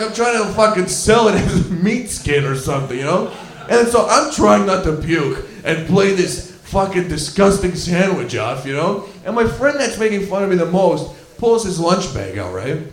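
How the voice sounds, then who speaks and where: A young man from Scarborough, Toronto does a stand-up set in a comedy club, rambling through his stories with lots of swearing and fillers. His high-pitched, expressive voice moves at a moderate pace, and the sound is roomy.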